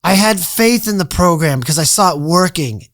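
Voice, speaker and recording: A middle-aged man, a podcast guest, telling his story in a casual, animated way, acting out his past thoughts and swearing freely. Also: high-pitched, normal speed, no room sound, studio quality.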